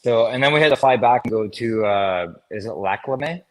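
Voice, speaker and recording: A man's voice: medium pitch, brisk. A man in his thirties who co-hosts a casual sports chat show, telling stories about his playing days with lots of laughter. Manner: laughing storyteller, animated anecdotes. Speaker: co-host, former player.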